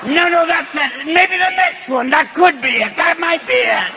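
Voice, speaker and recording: A man voicing a confused, rambling elderly car navigator who shouts his directions. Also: very high voice, lively intonation, moderate pace, noisy background, voice pushed up. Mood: doddering.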